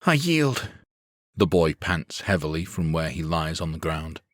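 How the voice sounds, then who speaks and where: Deep-voiced male audiobook narrator. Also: level tone, normal speed, no echo, clean studio sound. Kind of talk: first-person fantasy audiobook narration.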